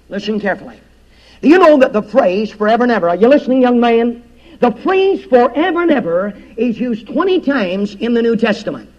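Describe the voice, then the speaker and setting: A man preaching a revival sermon, swinging from hushed words to loud ones. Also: extremely high pitch. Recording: dull lo-fi recording.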